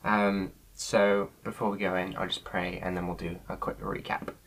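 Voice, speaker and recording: A man's voice: low-pitched, flat delivery, moderate pace, gravelly, fairly bright tone, slight background noise, poor audio. A man leading an online Bible study in a casual teaching style, earnest and loosely phrased with frequent filler sounds.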